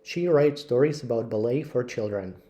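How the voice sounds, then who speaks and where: Man, English teacher, mellow tone, slow careful read-aloud of lesson texts. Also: mid-range voice, lo-fi sound. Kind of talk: reading textbook passages aloud.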